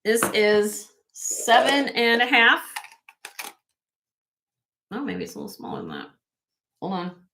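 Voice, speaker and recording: A woman's voice: fairly high pitch, wildly swooping pitch, slow pace, pauses often, sharp tone. A woman hosting a casual live-stream jewelry sale, chatty and self-correcting, laughing often as she shows pieces to viewers.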